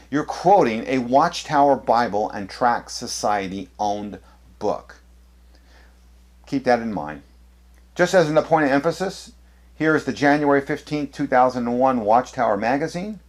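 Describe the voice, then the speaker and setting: A man presenting an apologetics video, walking through on-screen documents with sarcastic, emphatic delivery. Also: fairly low pitch. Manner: sarcastic, emphatic, leans hard on key words. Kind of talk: critical lecture over on-screen documents.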